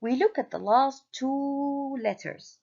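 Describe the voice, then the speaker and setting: A woman teaching an English grammar lesson, speaking slowly, repeating patterns and spelling out letters. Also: high-pitched, gravelly, mellow, dull audio. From Syria.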